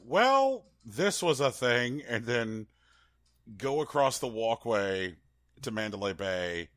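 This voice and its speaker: A man's voice: fairly low pitch, fairly bright tone, dry recording, clean studio sound. A man co-hosting a podcast in casual chat, rambling and laid-back, swearing freely. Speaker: podcast co-host.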